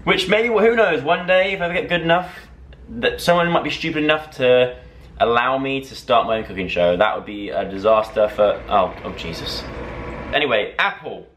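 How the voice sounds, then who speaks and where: A young man in his twenties vlogging as he cooks in his home kitchen, talking to the camera in a rambling, self-mocking, excitable way. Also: medium pitch, moderate pace, slight background noise. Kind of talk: casual chatty cooking vlog. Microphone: camera mic, talking to camera.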